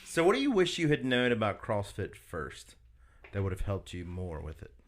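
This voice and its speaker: A man's voice: on the low side, huge pitch swings, normal speed. A man co-hosting a podcast, asking questions and dropping in joking remarks during a casual chat. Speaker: podcast co-host. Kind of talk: casual interview.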